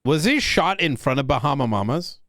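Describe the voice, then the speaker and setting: A man playing a police investigator in a role-play game, calmly questioning a witness with short prompts and follow-up questions. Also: a little high, a little fast, no room sound, clean studio sound. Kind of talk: casual in-character questioning.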